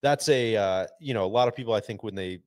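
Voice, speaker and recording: A man co-hosting a podcast in casual chat, enthusiastic and quick to laugh. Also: lowish voice, no room sound. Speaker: podcast co-host.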